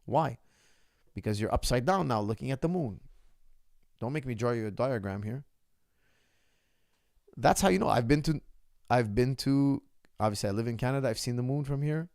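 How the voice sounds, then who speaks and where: A man's voice: mid-range voice, expressive, normal speed, gravelly, pauses often, a little mellow, dry recording, studio quality. A martial arts coach holding forth in a casual Q&A, emphatic and lecturing, mimicking critics' questions to make his point. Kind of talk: casual Q&A monologue. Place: lives in Canada.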